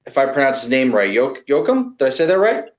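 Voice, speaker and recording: A man co-hosting an interview, asking halting questions and rephrasing them mid-sentence. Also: medium pitch, very animated, roomy sound, dull audio. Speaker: co-host.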